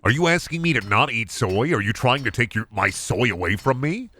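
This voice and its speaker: A young male streamer talks loosely to his chat, rambling through jokey, profane rants. His pitch swoops around freely, and his tone is bright and forward. The talk is casual and unscripted. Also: expressive, brisk.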